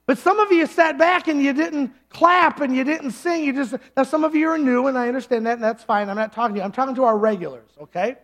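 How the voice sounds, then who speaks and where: Pastor, male, very high-pitched, conversational sermon delivery in church. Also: fast talker, few pauses, fairly bright tone. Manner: conversational preaching, acts out quoted voices. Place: church service.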